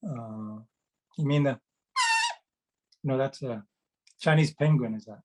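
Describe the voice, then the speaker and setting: Amid very noisy audio, a middle-aged man takes his time chatting with children on a video call, his voice medium in pitch. As a children's book author and meditation host, he spins rambling anecdotes, full of fillers and restarted sentences.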